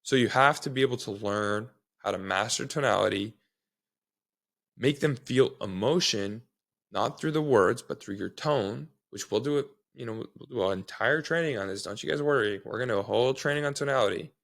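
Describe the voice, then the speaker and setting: A man's voice: mid-range voice, fairly quick, vocal fry, fairly bright tone. A man giving a casual sales training talk, blunt and swearing, often checking in with "okay?".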